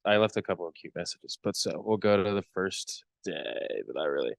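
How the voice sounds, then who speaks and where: A young adult man co-hosting a podcast, chatting casually in a halting, rambling way. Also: sits low, expressive, gravelly, no echo. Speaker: podcast co-host. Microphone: close podcast mic.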